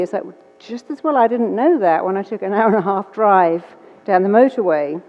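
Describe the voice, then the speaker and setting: An English woman tells a lively story, a therapist on stage who slips into other voices for the dialogue. Her voice sits at a middling pitch, carried on a long hall reverb. The recording sounds slightly dull. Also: moderate pace. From England. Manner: lively, acts out quoted dialogue in changed voices. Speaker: therapist and public speaker. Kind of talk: storytelling talk.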